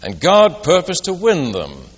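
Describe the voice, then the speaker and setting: A man's voice: a little high, huge pitch swings, measured pace, breathy edge. A man preaching a sermon, telling a story and posing rhetorical questions. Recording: long reverb of a large hall.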